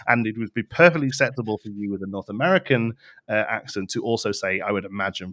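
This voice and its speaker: A man's voice: on the low side, fast, fairly bright tone, no room sound, studio quality. A man with an English Midlands accent, co-hosting a casual podcast chat and explaining things at length with lots of fillers and restarts. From England. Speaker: podcast co-host.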